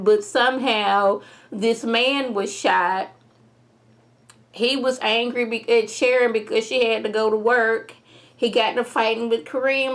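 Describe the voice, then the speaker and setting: A woman giving a casual vlog review of a TV episode, retelling scenes in an animated, emphatic way. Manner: animated, emphatic storytelling with rising pitch on key points.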